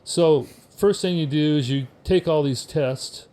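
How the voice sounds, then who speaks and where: An older man from the United States tells casual stories in a fairly high voice. He is wry and animated, acting out the people he quotes. He sounds like a veteran guest reminiscing on a podcast. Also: unhurried. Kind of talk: casual storytelling.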